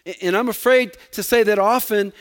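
A man's voice: sits high, normal speed. A man preaching a sermon, repeating words for emphasis and letting his voice sink at the ends of phrases.

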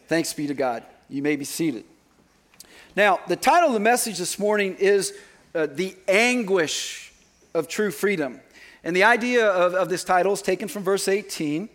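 A man's voice: sits high, expressive, a little slow, fairly bright tone. A middle-aged man preaching a sermon as pastor in a church, talking conversationally with joking asides. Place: church sanctuary.

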